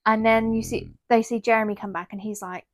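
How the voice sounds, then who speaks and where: Her voice is fairly high, steady and brisk. As a podcast co-host, she chats casually through a novel's storyline, voicing quotes from its characters.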